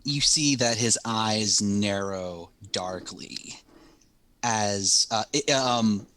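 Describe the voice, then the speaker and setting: A man playing in a tabletop game, narrating his own moves in quick, casual table talk. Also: fairly low pitch, a bit bright. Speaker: player.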